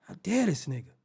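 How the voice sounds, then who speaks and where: A man hosting his show, telling a comedic, profane story in an animated way and acting out the quoted voices. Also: sits high, creaky. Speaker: show host.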